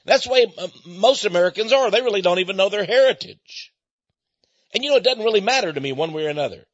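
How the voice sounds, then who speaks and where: Fast and animated, a high-pitched Texan radio host rambles through a folksy, conversational monologue and keeps chuckling along the way. The sound is dry, dull and lo-fi.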